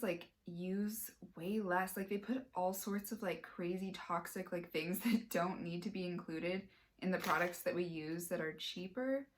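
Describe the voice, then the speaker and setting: A woman's voice: lowish voice, slight background noise. A young woman from Sacramento, California, chatting casually through a shopping haul vlog, rambling with lots of fillers and "like". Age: young adult. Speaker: vlogger.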